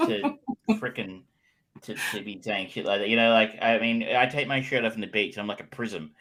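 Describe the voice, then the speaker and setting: A man's voice: on the low side, lively intonation, brisk, crowd noise, poor audio. A middle-aged Australian man co-hosting a podcast in casual chat, rambling with lots of fillers and restarts. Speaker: podcast co-host.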